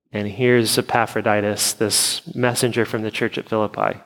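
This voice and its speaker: A man's voice: mid-range voice, in a large hall, low-quality recording. A man, a pastor leading prayer and then preaching in a conversational way full of rhetorical questions. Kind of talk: prayer and sermon. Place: church sanctuary.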